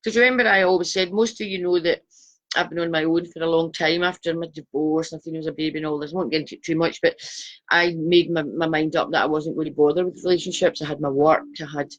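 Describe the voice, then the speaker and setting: Speaking fast in a deep voice with fairly even intonation, a middle-aged Glaswegian woman runs a relaxed psychic live stream. She's chatty and self-deprecating, calling out viewers by name as she goes.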